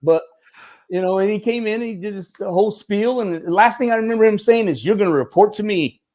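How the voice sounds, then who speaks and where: Lively, talkative man telling war-movie stories. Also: sits high, brisk. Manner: animated storyteller, laughs often, restarts sentences. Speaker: guest, former Marine turned film military advisor. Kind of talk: casual storytelling interview.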